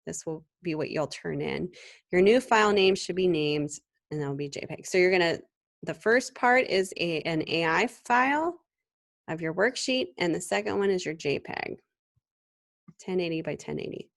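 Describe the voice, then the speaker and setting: A woman teaching a design class in a screen-recorded software tutorial, talking in a relaxed, conversational way with frequent ums and restarts. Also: on the low side, moderate pace, gravelly. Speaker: design instructor.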